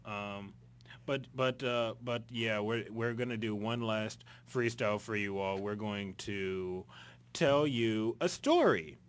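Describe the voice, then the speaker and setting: A young man hosting a casual college radio chat, playful and quick to laugh. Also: lowish voice. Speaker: radio show host. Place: radio studio.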